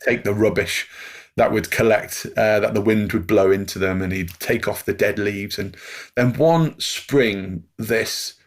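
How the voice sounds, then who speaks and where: A man's voice: fairly low pitch, a little slow. A middle-aged man, telling a story as a podcast guest and chuckling through it while acting out the voices of the people in it. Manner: chuckles through anecdotes, acts out quoted voices. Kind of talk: storytelling in conversation.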